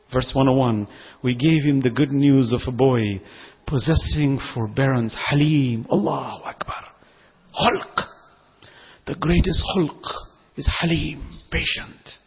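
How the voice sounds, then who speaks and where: A man preaching an impassioned sermon, slowing down and rising to shouts at its peaks, with a husky voice. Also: fairly high pitch. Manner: impassioned, slows and rises to shouts at climaxes. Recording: dull, echoey hall recording.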